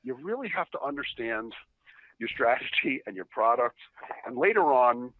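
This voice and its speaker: A man's voice: mid-range voice, lively intonation, normal speed, no room sound. A man on a podcast, telling profane anecdotes in a chatty, laughing way. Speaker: podcast guest. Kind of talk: casual storytelling. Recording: dry tinny phone line.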